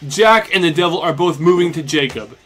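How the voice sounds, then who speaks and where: A young man, a let's play commentator, recaps a story casually as he games, his voice a little high, fairly quick and sharp in tone. He meanders loosely and fills his speech with words like "like" and "basically."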